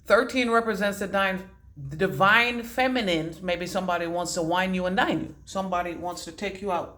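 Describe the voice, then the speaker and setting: Speaking to camera, a woman gives a casual intuitive reading, drifting from one thought to the next, swearing offhandedly and slowing down to stress key words. Her voice is lowish and a bit bright.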